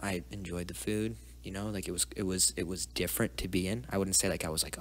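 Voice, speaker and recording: A young man, a podcast guest, telling a personal story in a rambling, profane way and dropping into hushed asides. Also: low-pitched, steady tone, moderate pace. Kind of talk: casual storytelling interview.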